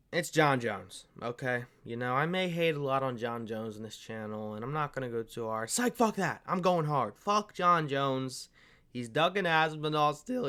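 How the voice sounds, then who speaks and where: A man's voice: medium pitch, fairly bright tone. Fired-up swearing man ranting casually. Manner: profane, fired-up and rambling, calls viewers "bro". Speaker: MMA commentary channel host. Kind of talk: casual opinion rant.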